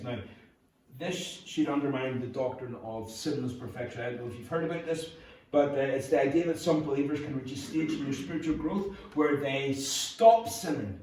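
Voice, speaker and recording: A man's voice: medium pitch, fairly quick, darkish tone. A man with a Northern Irish accent preaching a humorous, conversational sermon as pastor. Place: church hall. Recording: echoey hall from far off.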